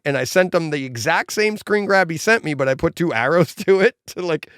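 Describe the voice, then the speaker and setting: A man's voice: fairly high pitch, expressive, fairly quick, few pauses, fairly bright tone, smooth, no room sound, studio quality. A man co-hosting a podcast, telling stories animatedly, mimicking people and laughing often. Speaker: podcast co-host. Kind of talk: casual chat.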